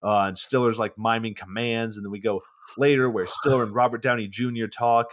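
20s dude recapping a movie plot on a podcast, easygoing, average pitch, lots of uhs. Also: male voice, fairly even intonation, brisk. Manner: recaps plot, casual and profane, many fillers. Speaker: podcast co-host. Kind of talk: casual chat, plot recap.

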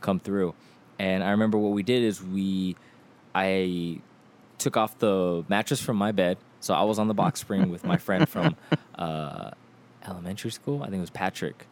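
A young man with a fairly low voice tells a rambling, laugh-filled story to his friends on a podcast. He talks loosely and casually, circling back as he goes. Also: normal speed. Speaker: podcast co-host.

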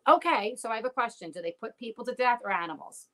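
A woman's voice: on the high side, lively intonation, fast talker, sharp tone. A woman chatting casually, telling a story with lots of profanity and quoted back-and-forth. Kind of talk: casual chat. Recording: noisy recording with clicks.

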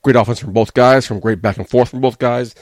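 A man's voice: mid-range voice, fairly even intonation, brisk, darkish tone, dry recording, clean studio sound. A man hosting a wrestling podcast, giving a blunt, sarcastic, casual review and swearing freely.

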